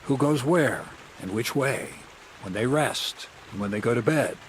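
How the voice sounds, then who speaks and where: A man's voice: mid-range voice, animated, unhurried, slight background noise, close to an everyday voice. An actor playing a wry, scheming male thief mentor in a video game, giving advice with dry mockery. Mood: instructive. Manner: wry, mocking, conspiratorial. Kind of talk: studio video game dialogue.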